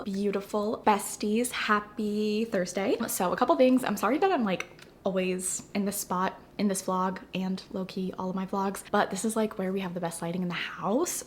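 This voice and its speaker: A young woman talks casually into a camera at home, bubbling over with excitement and chatter. Her voice sits at an ordinary middle pitch, with a faint hiss of room noise behind her. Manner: gushing, excitable, chatty with fillers. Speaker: book vlogger. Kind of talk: casual reading vlog chat.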